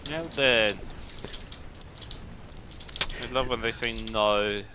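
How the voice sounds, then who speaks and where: A man's voice: lowish voice, steady tone, takes it slowly, background noise. A man co-hosting a podcast, chatting casually with dry, understated quips. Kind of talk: casual chat. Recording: clicks and typing in the background.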